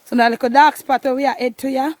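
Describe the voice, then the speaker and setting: A woman's voice: high-pitched, steady tone, quick pace, darkish tone. A woman with a Jamaican accent chatting casually to the camera on a phone while out walking in the countryside. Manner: chatty, coaxing, in Jamaican Patois. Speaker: vlogger. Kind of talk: casual vlog narration.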